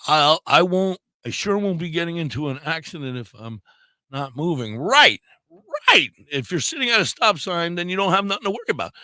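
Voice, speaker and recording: A man's voice: a little high, very animated, brisk, pushed and bright, no echo. A man co-hosting a casual radio chat show, blunt and rambling, with frequent swearing.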